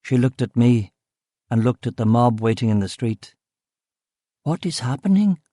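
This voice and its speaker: Brief: male audiobook narrator, mid-pitched, measured and steady, close and dry. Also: dry recording. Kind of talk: first-person audiobook narration.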